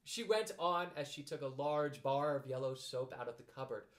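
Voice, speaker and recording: A man reading a children's storybook aloud as narrator, in gentle, expressive storytelling. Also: medium pitch, moderate pace.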